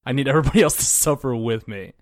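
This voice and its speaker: Male podcast co-host, mid pitch, chatty and animated, dry close-miked sound. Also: racing, dry recording. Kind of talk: casual chat.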